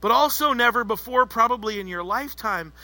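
High, piercingly bright male preacher. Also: fairly quick, dry recording. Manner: emphatic, rhetorical, repetitive. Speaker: pastor. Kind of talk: sermon.

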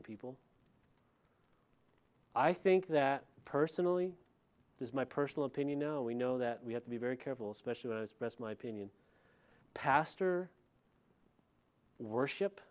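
A man, a middle-aged pastor, preaching a verse-by-verse sermon in a conversational way, with lively retelling and asides to the congregation. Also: mid-range voice. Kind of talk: expository sermon.

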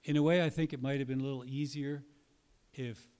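A man preaching a sermon in an earnest, emphatic way, with dramatic pauses and short acted quotes. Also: medium pitch, steady tone, a little mellow, smooth.

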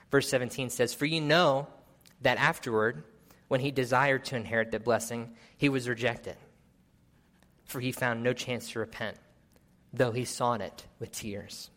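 A man's voice: mid-range voice, fairly bright tone. A man preaching a sermon, earnest and exhorting, reading scripture aloud. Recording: long hall reverb.

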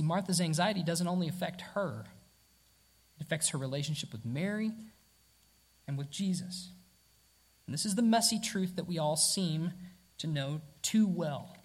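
A preacher delivering a sermon emphatically, asking rhetorical questions and repeating key words. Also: mid-range voice.

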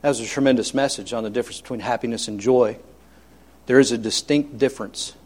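A man's voice: medium pitch, steady tone, quick pace, a little mellow. A man preaching a sermon as pastor, emphatic and repetitive, telling homely stories with humor.

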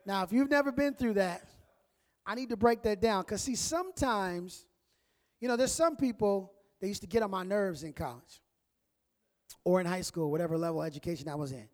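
A man preaching a sermon as a pastor, telling stories in a relaxed, conversational way and acting out voices. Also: sits high, a little fast, big-room sound. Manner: conversational storytelling, acts out voices.

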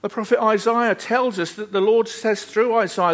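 A man's voice: high-pitched, moderate pace, hardly any pauses. A man preaching a sermon in an earnest, emphatic way, repeating phrases for weight.

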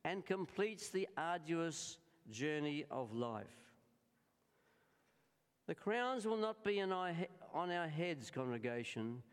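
Slow-preaching Australian man, lively pitch. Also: clean tone. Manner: slow and deliberate, stressing key words and repeatedly addressing the congregation. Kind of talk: sermon. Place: church. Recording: reverberant church hall.

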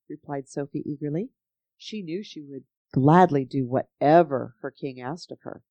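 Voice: medium pitch, moderate pace, dark tone, no echo. A storyteller reading a children's story aloud with expression. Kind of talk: storybook narration.

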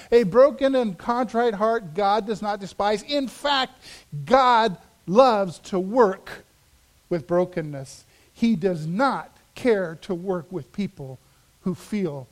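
A man with a high, light voice preaching a sermon from the pulpit. He tells the story with drama, sinking to a near hush for emphasis and then building back up. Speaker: pastor.

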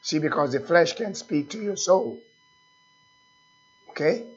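A male pastor preaches at a slow, deliberate pace, his voice slightly husky and pitched a little high. He keeps asking the listeners questions and repeating his phrases. The recording sounds dull and lo-fi. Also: lively intonation. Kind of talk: sermon.

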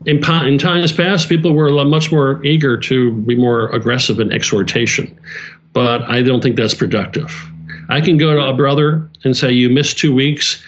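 A small-church leader with a mid-pitched voice talks earnestly at a moderate pace in a relaxed conversation. He often restarts and repeats phrases, and the recording is slightly dull and lo-fi.

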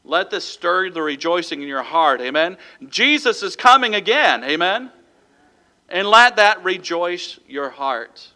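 A man's voice: on the high side, expressive, a little slow, pushed and bright. A man preaching a sermon as pastor, reading scripture and calling out "amen?" to the congregation. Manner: reads scripture aloud and breaks it into numbered points.

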